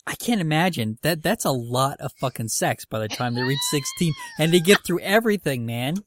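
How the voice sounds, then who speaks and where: A man's voice: fairly high pitch, wildly swooping pitch, a little fast, fairly bright tone, slight background noise. A man in his late thirties hosting a podcast, casual and joking, swearing freely. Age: late 30s. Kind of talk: casual chat.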